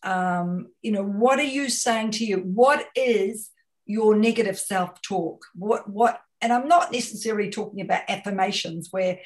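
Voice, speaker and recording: A woman's voice: medium pitch, unhurried. A woman with a New Zealand accent giving a webinar talk as a communication consultant, emphatic and fond of rhetorical questions and repeated phrases. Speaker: guest speaker, communication consultant.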